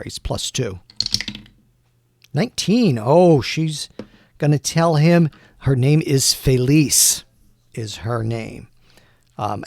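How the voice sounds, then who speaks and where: A man narrating a solo tabletop game, thinking aloud with many pauses. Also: mid-range voice, gravelly, darkish tone, no echo.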